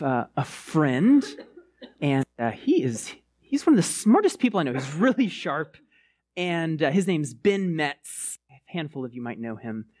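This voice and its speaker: A man preaching a casual, conversational sermon, rambling and restarting with many fillers, swooping up high to stress a point. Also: dry recording, clean studio sound. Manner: animated, swoops up high for emphasis.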